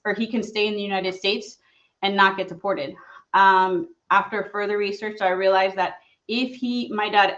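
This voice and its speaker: A woman's voice: mid-range voice, a bit bright, muffled recording. A woman in her thirties, an immigration attorney, talking earnestly and personally in a live question-and-answer stream, with frequent fillers.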